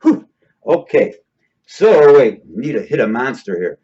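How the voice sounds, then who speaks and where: Guy talking it through casually, keeps asking "okay?", pitch all over the place, kinda muffled audio. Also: big pitch swings, unhurried, warm tone, slightly rough. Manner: rambling, checks in with "okay?". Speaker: host explaining hypnosis. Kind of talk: casual spoken explainer. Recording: dull lo-fi recording.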